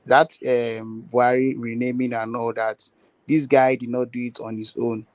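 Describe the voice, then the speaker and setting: A man's voice: mid-range voice, level tone, moderate pace, no room sound. A man earnestly making his case in a political discussion, repeating words and using many fillers.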